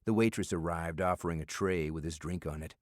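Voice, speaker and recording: A man narrating a thriller audiobook in a measured storytelling manner, from a studio booth. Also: low voice, no echo. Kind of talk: scripted narration.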